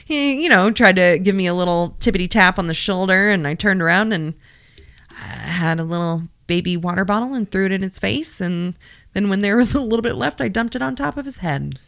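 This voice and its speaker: A woman's voice: mid-range voice, brisk, gravelly, a bit bright, dry recording, clean studio sound. A woman co-hosting a podcast, telling a story in casual chat with frequent swearing and sassy asides. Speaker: podcast co-host.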